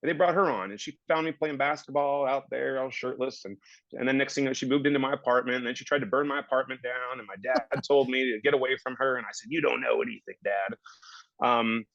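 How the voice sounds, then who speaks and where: A man's voice: medium pitch, steady tone, quick pace, fairly bright tone, dry recording, lo-fi sound. A man in his thirties, a guest actor on a casual podcast, telling rambling stories and acting out his own past remarks.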